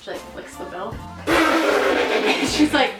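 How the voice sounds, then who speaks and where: A woman's voice: high voice, animated, slow. A woman co-hosting a podcast, telling work stories in a casual, profane, laughing way. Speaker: podcast co-host. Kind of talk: casual storytelling chat. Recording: echoey room, distant mic, faint music.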